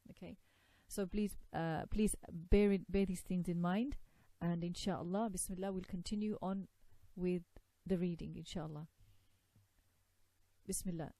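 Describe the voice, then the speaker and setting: A woman leads a tajweed lesson, patiently sounding out Arabic letters one by one for her students to repeat. Her voice sits low and mellow. The recording is close and dry, with no room echo. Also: steady tone. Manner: patient, repeats sounds slowly for learners to copy. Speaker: Quran recitation teacher.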